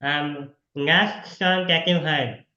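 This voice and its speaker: A man's voice: on the high side, steady tone, slow, bright, forceful tone, reverberant, muffled recording. A man interviewing a guest over a video call in a casual, chatty way, laughing often and encouraging the guest.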